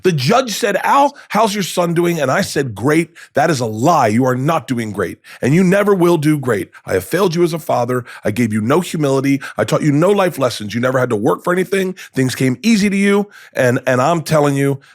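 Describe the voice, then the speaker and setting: A man's voice: a little high, big pitch swings, fairly quick, hardly any pauses, pitched above the performer's own voice. A man acting out his stern older father, who is angrily lecturing his grown son. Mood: scolding. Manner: angry scolding and moralizing.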